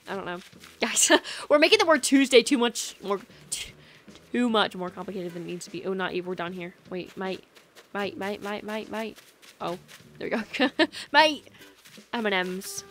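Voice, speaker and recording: Young female streamer, casual and scattered chatter to chat, soft music bed under a USB mic. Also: mid-range voice. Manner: scattered, chatty, lots of fillers and laughs. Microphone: USB microphone. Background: soft lofi music.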